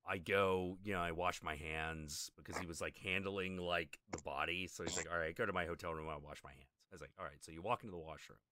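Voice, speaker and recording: A man's voice: low-pitched, quick pace, hardly any pauses, noisy background. A man hosting a stream, telling a long anecdote in casual chat and acting out the people in it. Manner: animated, acts out quoted characters. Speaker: stream host telling a story.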